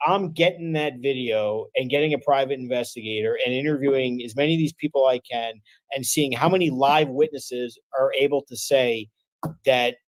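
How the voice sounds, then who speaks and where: A man's voice: mid-range voice, normal speed, no room sound. A man in a casual podcast discussion, talking in an emphatic, sarcastic way.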